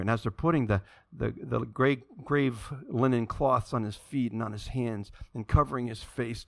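A man preaching a sermon, reading scripture and then speaking to his listeners in a conversational way, moving between hushed moments and impassioned ones. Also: medium pitch, moderate pace, creaky, dry recording, studio quality. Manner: dynamic, swings from hushed to impassioned; conversational asides to the congregation. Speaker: pastor.

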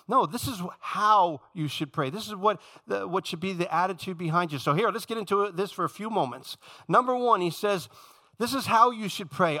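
A man preaching a sermon as pastor, swinging from loud emphasis to hushed, intimate confession. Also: high-pitched, lively intonation, a little fast.

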